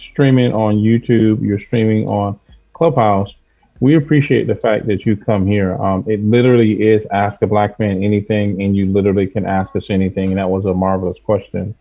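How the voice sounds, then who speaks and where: A man hosting a casual live podcast, relaxed and thankful, with some fillers. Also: fairly low pitch, narrow, tinny audio. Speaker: podcast host.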